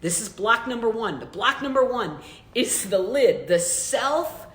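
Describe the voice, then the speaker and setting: A woman's voice: expressive, normal speed, fairly bright tone. A woman business coach giving a motivational training talk, speaking emphatically and putting repeated questions straight to her listeners. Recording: roomy echo, faint rumble.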